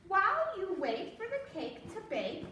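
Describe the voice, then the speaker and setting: Woman voicing a storybook frog father, cheerful, bossy, high, animated, echoey. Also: unhurried, lo-fi sound, heavily acted. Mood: calling. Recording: echoey room from far off, noisy.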